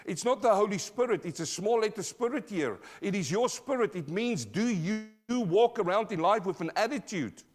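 Aussie pastor preaching live in church, punchy, calls out to the crowd, voice on the higher side. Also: male voice, lively intonation, normal speed, hardly any pauses. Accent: Australian. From Australia. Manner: emphatic, call-and-response preaching; swings from loud and high to low and quiet. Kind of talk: sermon.

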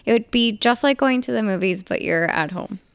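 A young adult woman chatting casually as a panelist, easygoing and quick to laugh. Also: medium pitch, gravelly, clear, resonant tone, no room sound, clean studio sound.

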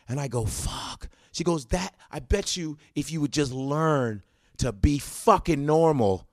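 A man's voice: fairly high pitch, a little slow, darkish tone, no room sound, clean studio sound. Profane man in loose comedy chat. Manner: loose and profane, acts out quoted voices. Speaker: guest comedian. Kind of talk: casual podcast chat.

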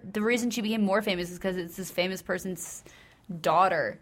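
A woman's voice: lowish voice, fairly quick, fairly bright tone. A young woman co-hosting a podcast in casual chat, talking in a dry, matter-of-fact way and often mumbling. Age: young adult. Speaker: podcast co-host.

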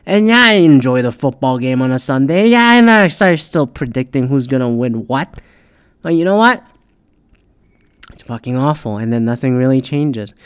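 A middle-aged man hosting a solo podcast, ranting in a profane, animated way and often restarting his sentences. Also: medium pitch, smooth. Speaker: podcast host.

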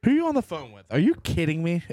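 A man's voice: a little high, huge pitch swings, quick pace, warm tone, dry recording, studio quality. A man co-hosting a sports podcast, cursing and arguing heatedly in casual chat. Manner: profane, irritated, argumentative. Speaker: podcast co-host. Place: garage.

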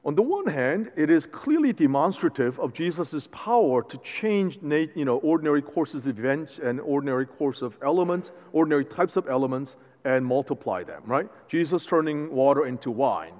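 A man preaching a sermon as pastor, animated and conversational, often restarting his phrases. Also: a little high, normal speed, few pauses. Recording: long hall reverb.

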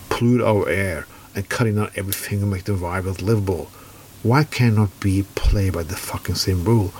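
A man's voice: deep voice, darkish tone, slight background noise. A man from Norway with a Norwegian accent, giving a furious political rant full of swearing. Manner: heavy swearing, furious and blunt.

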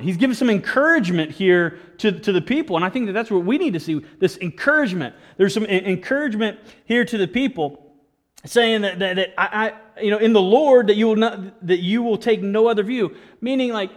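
A man preaching a sermon as pastor, animated, often restarting words and adding jokey asides to the congregation. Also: high-pitched, brisk.

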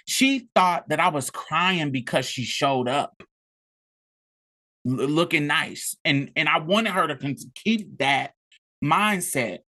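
A man's voice: fairly high pitch, slow pace, pushed and bright. A man from rural Mississippi, telling a personal story in an intense, profane, emotional way. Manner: intense, profane, tearful at times. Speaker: podcast co-host.

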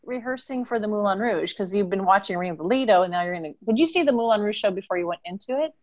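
A woman's voice: medium pitch, animated, fast, a little mellow. Curious woman interviewer. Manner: curious, encouraging, asks follow-up questions. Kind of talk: casual interview chat.

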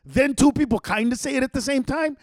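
A man hosting a podcast from his home setup, telling stories in a casual, animated way, swearing freely and acting out what other people said. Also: very high-pitched, fairly quick, no room sound. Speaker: podcast host. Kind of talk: casual storytelling to listeners.

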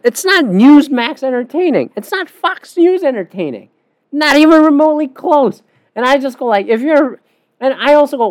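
Profane, animated woman ranting. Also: lowish voice, no echo. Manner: profane, sarcastic, animated ranting with swings between loud and muttered. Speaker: podcast host. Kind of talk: casual rant.

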